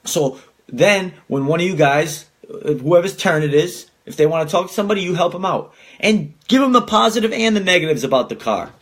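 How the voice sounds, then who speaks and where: A man's voice: high voice, expressive, brisk, fairly bright tone. A young man hosting a podcast, ranting casually and swearing a lot as he gets worked up. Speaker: podcast host.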